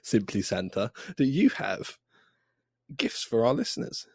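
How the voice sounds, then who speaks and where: A man's voice: on the low side, very animated, a little slow, creaky, slightly rough, no room sound, studio quality. A man hosting a comedy podcast, chatting casually, swearing freely and sharing trivia with gusto. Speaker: podcast host.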